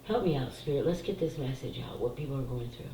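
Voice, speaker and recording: A woman's voice: rumbling low, animated, quick pace, warm tone, roomy sound, a little hiss or hum, rough recording. A middle-aged woman, a psychic, talking candidly and emotionally to her viewers about family and spiritual cards, tearful at times and swearing freely. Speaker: psychic doing card readings. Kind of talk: casual spiritual talk to camera.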